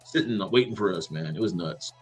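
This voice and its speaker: A man in casual chat, telling stories in an animated way, laughing and swearing freely. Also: low voice, fairly quick, breathy edge, soft background music.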